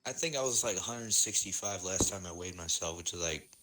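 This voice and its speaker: A young man with a Midwestern American accent rambles through a laid-back podcast chat and laughs easily. His voice sits a little low but sounds bright and forward. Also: fairly quick, low-quality recording. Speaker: podcast co-host. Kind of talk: casual chat.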